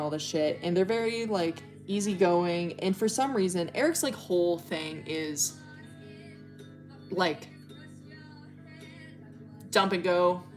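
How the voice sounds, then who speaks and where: A young woman chatting on a livestream in a fairly low voice. She rambles through a story, packing it with fillers and casual swearing. Music plays faintly in the background. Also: a little mellow. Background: faint music playing.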